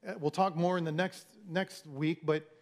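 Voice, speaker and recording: Here the pastor keeps a steady tone in a voice on the high side, speaking at a moderate pace. His preaching is casual storytelling, with repeated restarts and acted-out quotes from other people.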